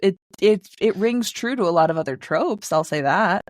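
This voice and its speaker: A woman guesting on a casual podcast, with a voice at an ordinary middle pitch. She talks with strong opinions, rattling off some phrases quickly and breaking into laughter between points. The recording is dry and close. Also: lively intonation, no room sound.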